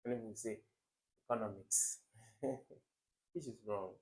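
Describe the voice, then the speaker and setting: A man's voice: mid-range voice, a little slow. A young man tutoring English for exams, emphatic, repeating words and quizzing the viewer. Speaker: exam tutor. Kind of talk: recorded exam-prep lesson.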